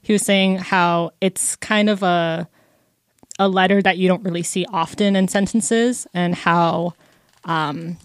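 A woman's voice: fairly low pitch, steady tone, a little slow, clean tone, no echo, studio quality. A woman in her twenties chatting casually about a book, with lots of fillers and bits where she quotes people. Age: 20s. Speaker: book discussion co-host.

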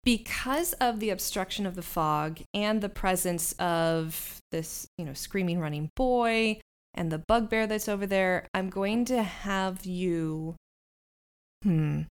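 A woman's voice: mid-range voice, slow pace, clean tone. A woman narrating a tabletop game as game master, describing scenes unhurriedly with fillers.

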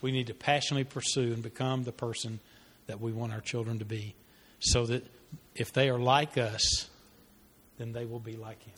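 A man's voice: mid-range voice, steady tone, moderate pace, fairly bright tone, husky. Man teaching in a reverberant hall. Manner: earnest, conversational, with fillers and restarts. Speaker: pastor teaching a parenting class. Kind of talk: sermon-style teaching with a story.

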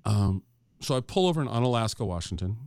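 In a lowish voice and at a fast clip, a middle-aged man spins a long, casual yarn, animatedly voicing the quoted dialogue. He talks conversationally, with fillers and restarts. The audio is clean studio sound with no echo.

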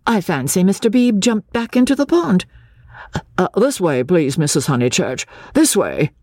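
A woman reader voicing a stiff, self-important young gentleman who gives curt, aloof commands. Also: sits high, very animated, normal speed, dry recording, studio quality, voice pushed up, exaggerated voice.

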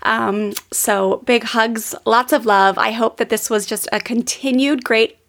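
A woman's voice: a little high, steady tone, a little slow. A woman in her thirties hosting a podcast, telling a heartfelt personal story in an earnest way, with plenty of "um" and "like.". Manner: earnest, warm-hearted, with frequent fillers like "um" and "like". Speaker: podcast host.

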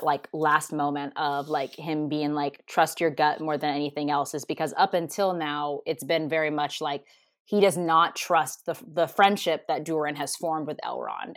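A woman's voice: deep voice, a bit bright, no room sound, studio quality. A woman co-hosting a podcast in casual chat, enthusiastic and full of "like". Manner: enthusiastic, heavy use of "like". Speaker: podcast co-host.

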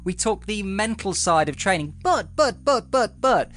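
A podcast host from Derby plugs his show in a playful, mock-exasperated manner. His voice is high for a man and swings wildly in pitch. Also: sing-song, a little slow, few pauses, fairly bright tone. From Derby city centre, England. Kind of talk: comic podcast promo.

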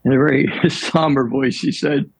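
Older male priest, gravelly and husky, unhurried reflective storyteller in a dry studio. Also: medium pitch, steady tone, low-quality recording. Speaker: priest guest. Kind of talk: storytelling in an interview.

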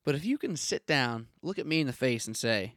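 A man's voice: medium pitch, expressive, a little fast, fairly bright tone, no room sound, clean studio sound. Opinionated man hosting a sports podcast. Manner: opinionated, punchy, rhetorical ranting. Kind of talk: solo sports podcast monologue.

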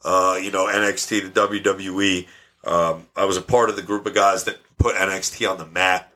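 A brash, animated man with a somewhat low voice tells stories on a podcast. He talks in a casual, profane way. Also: normal speed. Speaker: podcast guest. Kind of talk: casual storytelling.

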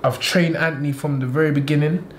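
A boxing trainer-manager from England, his voice a little high, talks casually with an interviewer over slight background noise. Lively and quick to laugh, he repeats points for emphasis.

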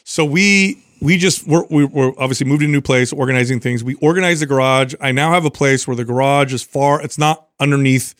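A man telling a long, rambling story on a podcast, animated and loose with his swearing. His voice sits in the middle of the male range. The sound is dry and close, with no room around it. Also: medium pitch, a little fast, few pauses, dry recording. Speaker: podcast co-host. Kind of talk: casual storytelling chat.

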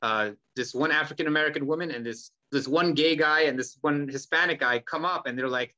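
A man in casual podcast conversation, talking in an animated, profane way and acting out heated exchanges. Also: fairly high pitch, quick pace, hardly any pauses, rough recording. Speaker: podcast guest, holistic healer.

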